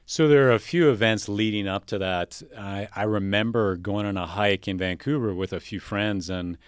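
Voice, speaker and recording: A man from Canada in his forties, a podcast guest telling his story in a casual, energetic way, often restarting and repeating words. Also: fairly low pitch, normal speed, smooth, no echo, studio quality. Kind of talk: casual interview talk.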